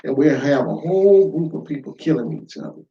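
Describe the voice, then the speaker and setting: A man giving an informal spoken lesson, emphatic and full of rhetorical questions, swinging between loud and quiet. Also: on the high side, lively intonation, brisk, recorded from a distance. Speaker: lecturer. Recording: echoey room, dull lo-fi sound.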